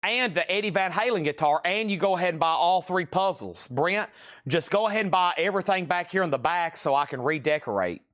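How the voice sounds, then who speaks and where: A man with a high, somewhat bright voice speaks briskly and with animation. He's hosting a live vinyl sale stream from a record shop, reading out titles and prices and exclaiming over rare finds in classic live-stream sales patter.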